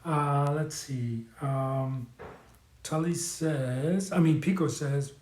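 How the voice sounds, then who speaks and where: Speaking slowly, a New York man offers casual advice on his live stream, earnest and candid, with plenty of fillers and false starts. His voice sits somewhat high for a man yet has a darkish tone, and a clear echo fills the room.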